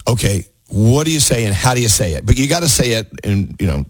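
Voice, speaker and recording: Radio host guy, chatty and animated, laughs a lot, slightly husky and dry sounding. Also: mid-range voice, quick pace, no echo. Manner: animated, laughs often, talks with restarts. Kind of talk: casual radio banter.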